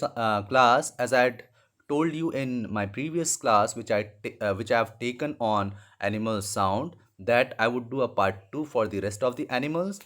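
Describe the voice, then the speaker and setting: A man with an Indian English accent teaching English to young children, explaining slowly and repeating words, often switching into Hindi. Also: mid-range voice, a bit bright. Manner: slow, repetitive explaining, mixing in Hindi; apologises and corrects himself mid-lesson. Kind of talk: online classroom lesson for young children.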